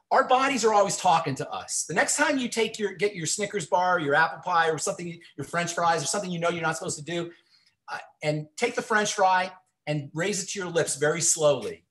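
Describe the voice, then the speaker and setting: A man's voice: high voice, a little fast, fairly bright tone. Earnest man giving health advice. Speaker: radio health show host.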